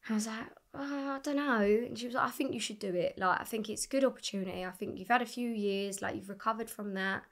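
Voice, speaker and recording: A young woman, a singer, telling her story in a casual interview, animated and swearing freely as she acts out what people said. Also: mid-range voice, quick pace, hardly any pauses. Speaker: singer guest.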